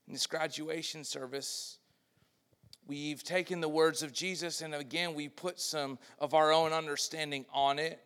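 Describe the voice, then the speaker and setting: Guy preaching a sermon, high bright voice, big echoey hall. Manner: swings between loud and hushed, acts out quoted voices. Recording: long hall reverb.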